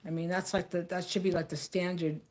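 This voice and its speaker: A woman's voice: lowish voice, little pitch movement, a little fast, a little mellow. An American woman talking straight to camera in a blunt, outspoken rant, repeating phrases for emphasis. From United States. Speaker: vlogger.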